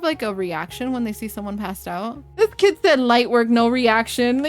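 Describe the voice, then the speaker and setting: A young woman chatting excitedly through a live game stream, gasping and reacting as things happen. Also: fairly high pitch. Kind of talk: live let's-play commentary.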